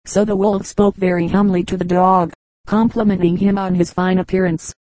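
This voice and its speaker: Measured fable narrator, dry close voice. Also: medium pitch, little pitch movement, a little mellow, no echo, rough recording. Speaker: audiobook narrator.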